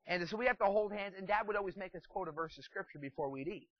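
High-voiced emphatic male preacher. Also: quick pace. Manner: emphatic, repeats fillers like "boy" and "man", many restarts. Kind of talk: sermon. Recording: dull lo-fi, dry sound.

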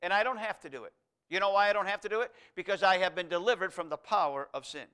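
A man preaching a sermon, moving between loud, emphatic declarations and quiet, intimate asides. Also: high voice, fast talker, smooth.

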